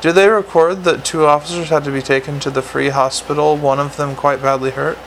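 Grumpy blunt police chief as read by a gravelly male narrator, storybook reading. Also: a little high, steady tone, a little fast, a bit bright, slight background noise. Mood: grumbling. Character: gruff weary male police commander.

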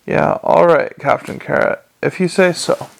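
A man voicing a gruff, excitable male dwarf baker in an audiobook, blustering in a raised voice. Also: a little high, normal speed.

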